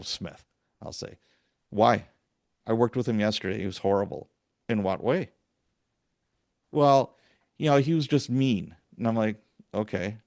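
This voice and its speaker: A man's voice: fairly low pitch, creaky, no room sound, studio quality. A middle-aged man, a former police sergeant, telling a story in a casual interview and acting out the quoted lines. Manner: animated storyteller, acts out quoted dialogue. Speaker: podcast host, retired police sergeant.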